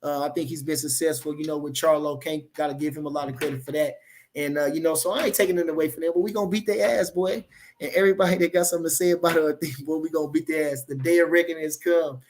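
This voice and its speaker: A man's voice: on the high side, fairly even intonation, fast talker, darkish tone, slight background noise. Rambling, profane man hyping a fight. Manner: rambling and repetitive, profane hype talk. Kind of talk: casual livestream chat reading comments.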